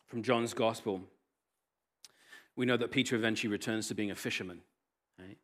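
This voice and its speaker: Animated male pastor preaching. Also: mid-range voice. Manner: animated storytelling with wide swings in loudness. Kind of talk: sermon.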